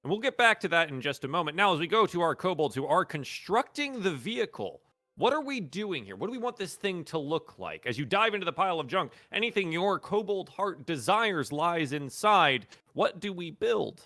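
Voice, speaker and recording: A man's voice: high voice, big pitch swings, moderate pace, sharp tone. A man running a tabletop game as game master, narrating upbeat and praising rolls.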